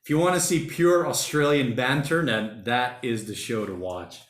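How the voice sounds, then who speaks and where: A man's voice: medium pitch, moderate pace, reverberant. A man hosting a casual livestream, chatting loosely and reading out viewer comments in a rambling, slangy way. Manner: rambling, chatty, uses slang like mate and bloody. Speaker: livestream host. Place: home during lockdown.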